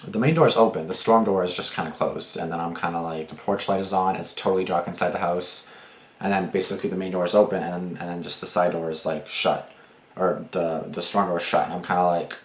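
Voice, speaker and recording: A deep-voiced man rattles off a late-night story at speed, full of swearing, restarts and "like"s. He is a reaction video host talking casually, and his voice rings in an echoey room. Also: steady tone, fast talker. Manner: profane, rambling, many restarts and fillers.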